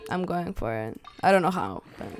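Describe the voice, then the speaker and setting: A woman live streaming a video game, chatting casually with her viewers, giggly and prone to excited squeals. English is not her first language. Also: lowish voice, normal speed. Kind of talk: casual gaming stream chat. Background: faint game music.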